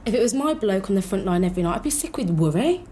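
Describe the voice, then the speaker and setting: An actress playing a chatty, teasing nurse in a television drama. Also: female voice, medium pitch, expressive, fast talker, warm tone, natural voice. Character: chatty, cheeky nurse treating a wound.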